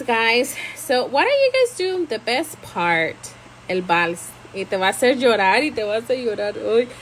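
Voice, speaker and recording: A woman hosts a casual live stream in a high voice, chatting expressively, laughing often, and switching freely between Spanish and English. The recording is rough, with slight background noise.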